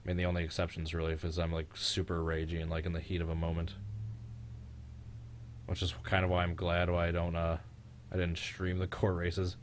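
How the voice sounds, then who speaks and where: Deep-voiced young man chatting casually. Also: brisk, a little hiss or hum. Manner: joking, gets loud and excited at race moments. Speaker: streamer. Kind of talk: casual live reaction chat.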